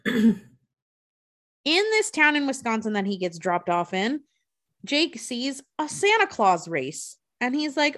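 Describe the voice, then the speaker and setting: A woman with a slightly high voice tells a film's story in loose, casual chat. She swears freely and jumps into the characters' lines as she goes. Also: very animated, takes it slowly, long pauses, fairly bright tone. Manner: profane, chatty, acts out characters' lines. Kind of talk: casual movie recap storytelling.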